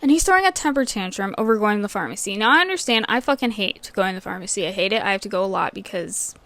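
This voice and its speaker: A podcast host who works at a vet clinic rants about work stories in a fast, animated, mid-range voice with a bit of brightness. Her casual storytelling is profane, and she swears freely throughout.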